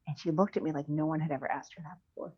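A woman's voice: sits low, fairly even intonation, rapid-fire, slightly rough. A woman in her thirties talking candidly in an interview, rambling with many fillers and restarts. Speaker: guest. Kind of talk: conversational podcast interview. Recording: dull lo-fi sound.

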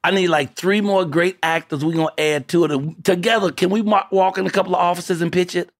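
A man's voice: sits high, fairly even intonation, fairly quick, dry recording, clean studio sound. A man hosting a casual interview podcast, upbeat and slangy. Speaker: podcast host.

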